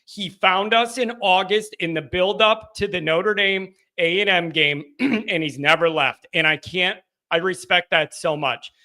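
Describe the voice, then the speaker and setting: A man hosting a live postgame fan call-in stream, talking emotionally and excitably and sometimes shouting. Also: sits high, measured pace. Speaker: host of a fan call-in show.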